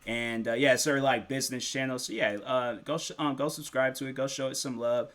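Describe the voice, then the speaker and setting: Rambly reaction guy, bright voice, keeps restarting his sentences. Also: medium pitch, fairly even intonation, a little fast. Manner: rambling, chatty, self-correcting. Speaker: reaction video host. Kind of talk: casual reaction commentary.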